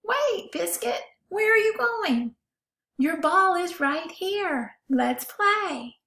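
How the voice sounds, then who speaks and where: A woman voicing a cheerful little girl looking for her puppy in a storybook, reading slowly in a sing-song way. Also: very high voice, lively intonation, bright, forceful tone, exaggerated voice. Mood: calling, cheerful. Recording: roomy echo.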